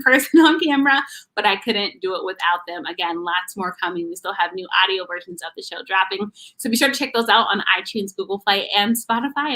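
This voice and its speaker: A woman hosting a sports talk show, her voice bright and forward. She talks quickly and gushes encouragement at her guest. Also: mid-range voice, low-quality recording. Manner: effusive, encouraging. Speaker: host.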